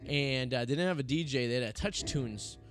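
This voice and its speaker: Talking fairly quickly in a mid-range, slightly bright voice, this thirty-something podcast host chats casually over soft background music. His long stories wander, with frequent restarts and filler words, recorded on a studio mic.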